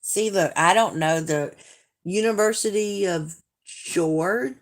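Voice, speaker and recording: A woman's voice: mid-range voice, slow pace. A woman from Alabama with a Southern accent, hosting a casual live stream in a chatty, gushing way as she reads out viewer comments.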